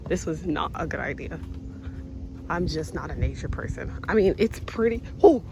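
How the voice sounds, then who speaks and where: A woman's voice: low-pitched, expressive, normal speed, background noise. A woman vlogging while walking a nature trail outdoors, talking nervously and directly to her viewers about being scared, filmed on a handheld phone. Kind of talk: casual vlog talk to camera.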